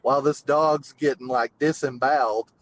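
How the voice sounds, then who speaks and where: A man's voice: mid-range voice, steady tone, normal speed, noisy background. A man calls in and tells a long, rambling story full of fillers. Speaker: caller. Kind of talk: casual storytelling.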